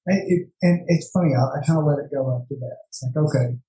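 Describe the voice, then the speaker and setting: A man being interviewed as a guest artist, telling stories in a relaxed way with hesitant restarts. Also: on the high side, fast talker, roomy sound, low-quality recording. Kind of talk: casual interview chat.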